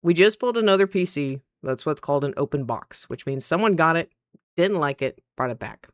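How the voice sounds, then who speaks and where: A woman streamer chatting casually at her PC, telling a story in an animated way and acting out the other people's lines. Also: low-pitched, brisk, no echo, studio quality. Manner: animated, acts out quoted dialogue. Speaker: streamer and content creator.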